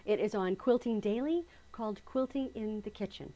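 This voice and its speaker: A middle-aged woman hosting a casual live quilting stream, chatting in a rambling, self-correcting way and greeting viewers by name with bright excitement. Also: mid-range voice, normal speed, low-quality recording. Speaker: quilting channel host.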